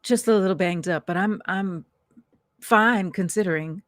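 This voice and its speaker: A woman playing a tabletop role-playing game, talking in a chatty, giggly and expressive way. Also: medium pitch, measured pace, no room sound, studio quality. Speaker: player. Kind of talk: in-character tabletop play.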